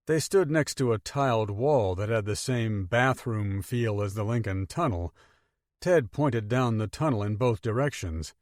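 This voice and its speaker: A man narrating an audiobook in steady, expressive storytelling. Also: on the low side, moderate pace, no room sound, studio quality. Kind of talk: scripted narration.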